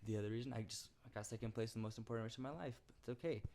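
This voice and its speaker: A young man at an ordinary middle pitch, joking easily in a casual podcast chat. His talk is relaxed and good-humored. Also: rapid-fire, a little hiss or hum. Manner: joking and easygoing. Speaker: podcast guest.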